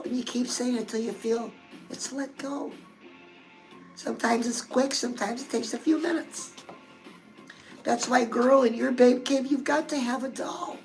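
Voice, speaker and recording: A woman hosts a love and dating advice talk in a high, gravelly voice. She chats in a confiding way, as if to a close friend, while faint music plays underneath. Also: fairly even intonation, normal speed, long pauses, rough recording. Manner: chatty, confiding, addresses listeners as girl. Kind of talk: casual advice talk to viewers.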